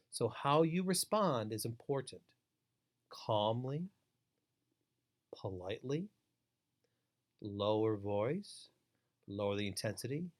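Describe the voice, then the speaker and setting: A middle-aged man delivering a webinar lecture as a foster care trainer, emphatic and repetitive, driving each point home. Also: mid-range voice.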